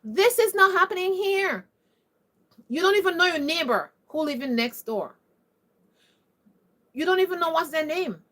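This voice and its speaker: High-voiced woman. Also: lively intonation, normal speed, pauses often, fairly bright tone. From Caribbean. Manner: emphatic, preachy, repeated rhetorical questions. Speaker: vlogger. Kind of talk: opinionated monologue to camera.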